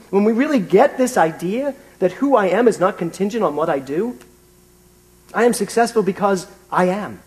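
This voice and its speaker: Man in his fifties, British accent, high voice, chatty self-mocking sermon, minister. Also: a little mellow. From Britain. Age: 50s. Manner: conversational and self-mocking, with frequent restarts. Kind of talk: sermon with personal anecdote.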